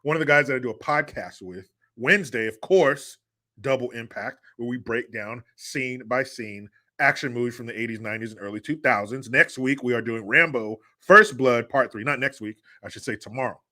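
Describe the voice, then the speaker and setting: A man's voice: mid-range voice, normal speed, pushed and bright. A man hosting a live show, chatting casually, reading the chat and joking in a profane, rambling way.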